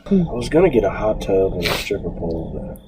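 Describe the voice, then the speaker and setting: Animated man telling stories, lively pitch. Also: fairly quick. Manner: animated, acts out the people in his stories. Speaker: podcast co-host. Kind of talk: casual storytelling chat. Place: home garage. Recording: noisy home recording.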